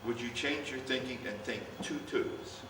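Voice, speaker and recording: An older man conducting a band rehearsal, coaching players and calling out cues in an animated way. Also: medium pitch, normal speed. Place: large rehearsal hall. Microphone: distant room mic. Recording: far-off echoey hall, noisy.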